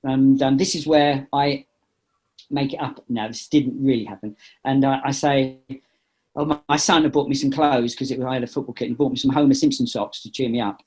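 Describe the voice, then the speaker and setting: A middle-aged man, an impressionist, telling a funny story over a video call. He is animated and laughs at his own jokes. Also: medium pitch, fairly quick. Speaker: impressionist and comedian guest. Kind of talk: casual anecdote telling.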